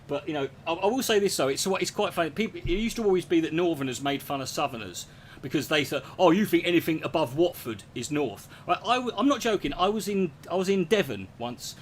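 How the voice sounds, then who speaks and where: Man, rambling profane rant, lively pitch, a bit high. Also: quick pace, slight background noise. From England. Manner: rambling, sweary, sarcastic. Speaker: streamer answering chat.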